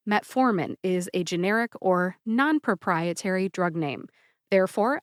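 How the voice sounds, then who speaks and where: A woman hosting a pharmacist's podcast, speaking deliberately and spelling out syllables in a scripted educational style. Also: mid-range voice, smooth, no room sound, clean studio sound. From United States.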